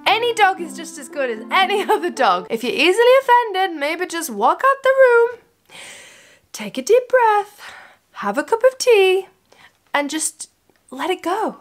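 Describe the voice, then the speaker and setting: A woman's voice: high voice, fairly bright tone. A woman vlogging casually at home, rambling and self-mocking in a playful way. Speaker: vlogger and dog trainer. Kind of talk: casual chatty vlog. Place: at home with her dogs.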